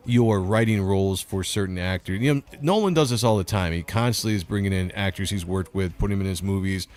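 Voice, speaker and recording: Reading live chat on his laid-back stream, a man fires off opinionated, blunt takes and frequently breaks into laughter. He talks quickly in a low, darkish voice.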